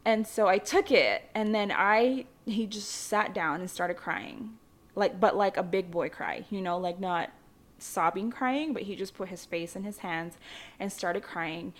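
A woman's voice: mid-range voice, unhurried. A young woman from the Philippines telling her childhood story in a candid, chatty way, with frequent fillers and casual swearing. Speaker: vlogger.

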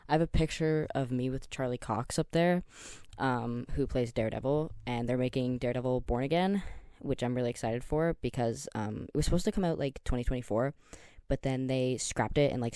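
A man's voice: medium pitch, a little mellow, clear, resonant tone, no echo. A young Canadian man in his twenties chats alone into the mic for his podcast, tired but still chatty. He rambles and cuts himself off, fills gaps with likes and ums, and gets keen about the superheroes he loves. The sound is dry and close, with no room around it. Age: 20s. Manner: rambling and self-interrupting, with many likes and ums. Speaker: podcast host. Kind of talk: casual solo podcast chat.

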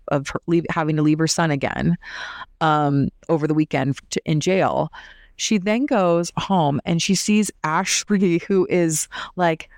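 A woman's voice: fairly low pitch, no echo, studio quality. A woman recapping a reality TV episode in a casual, opinionated way, saying "like" often. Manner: chatty and opinionated, heavy use of "like".

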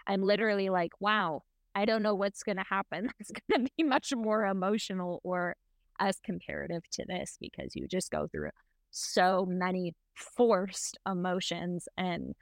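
A woman's voice: mid-range voice, moderate pace. A young woman on a podcast talks in an earnest, reflective way and laughs at herself now and then. Her voice sits in a middle register. The close mic keeps it dry, with no room echo. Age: under forty. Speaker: podcast co-host. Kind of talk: candid casual chat.

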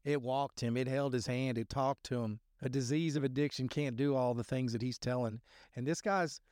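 Male podcast host, mid pitch, impassioned preacher-style rambling, dry room. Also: steady tone, normal speed, darkish tone, no room sound. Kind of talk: sermon-like recovery talk.

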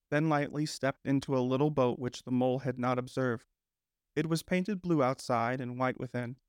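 Smooth-voiced man reading a storybook. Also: medium pitch, no echo, studio quality. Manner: measured, gentle, unhurried storytelling. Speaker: audiobook narrator. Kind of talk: scripted storybook narration.

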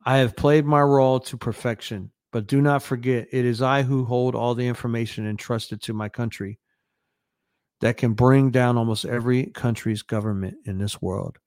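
A man's voice: mid-range voice, fairly even intonation, moderate pace, darkish tone, no echo, clean studio sound, natural voice. A man reading the lines of an arrogant young national leader who makes harsh, angry demands. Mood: angry threatening.

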